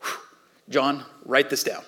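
A man preaching a sermon in a conversational way, swinging between loud and hushed. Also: mid-range voice, little pitch movement, slow pace, slightly rough. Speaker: pastor.

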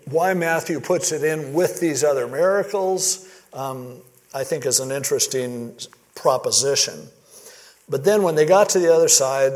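A man's voice: mid-range voice, darkish tone. A man preaching a sermon in a casual, conversational way, acting out the quoted lines with animation. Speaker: pastor.

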